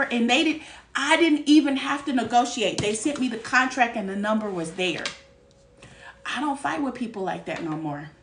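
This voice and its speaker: A woman giving a live tarot reading. She talks in a candid, lively way, laughs often and uses streetwise slang. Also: a little high, recorded from a distance, a little hiss or hum. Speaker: tarot reader. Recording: echoey room, voice a bit off-mic.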